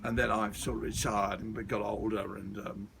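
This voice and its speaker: A middle-aged man doing a comic impression of an aging, suave British film star, talking in a slow, drawn-out, lowered voice outdoors. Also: little pitch movement, gravelly, background noise. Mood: languid. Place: outdoors at a community garden.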